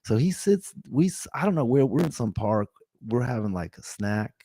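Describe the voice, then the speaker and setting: A man's voice: mid-range voice, big pitch swings, moderate pace, dark tone, no room sound, clean studio sound. A man in his fifties, a podcast host telling a story in a loose, rambling way with many restarts. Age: 50s. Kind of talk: casual storytelling.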